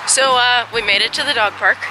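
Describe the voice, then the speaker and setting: A woman's voice: a little high, fairly even intonation, a little fast, poor audio. Lady vlogging outside at the dog park, kinda out of breath, chatty, music in the background. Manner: chatty, talks to her dogs in between. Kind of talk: casual vlog chat. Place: outdoors at a wet dog park.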